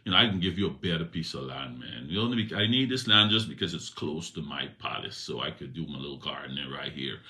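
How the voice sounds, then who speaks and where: A man's voice: rumbling low, animated, fairly quick, hardly any pauses, bright, forceful tone, full character voice. Man doing a laid-back, coaxing king. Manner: laid-back, persuasive, slangy.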